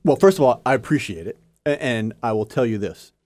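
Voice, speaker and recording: Man, podcast guest, mid-pitched, earnest and emphatic. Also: animated, brisk, noisy background. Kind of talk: casual interview conversation.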